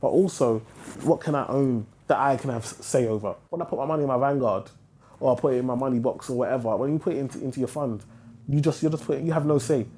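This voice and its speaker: A man's voice: mid-range voice, quick pace, dark tone, slight background noise. A man with a British accent, talking casually and emphatically about investing, with London slang. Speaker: interviewee, investor. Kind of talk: casual podcast conversation.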